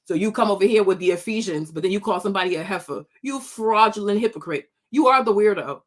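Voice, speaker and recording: A woman's voice: medium pitch, fast. A woman hosting her own commentary channel, scolding and mocking critics in a sassy, unscripted rant full of laughter.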